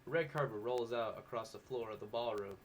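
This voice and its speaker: A man reading a dating sim's narration aloud with animated, joking reactions. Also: medium pitch, brisk, slight background noise. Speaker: gaming video creator.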